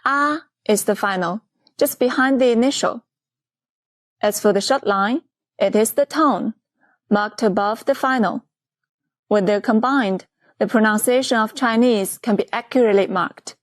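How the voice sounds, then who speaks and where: A woman teacher in a scripted lesson, explaining clearly and patiently, step by step. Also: a little high, unhurried, no echo, clean studio sound. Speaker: Chinese teacher.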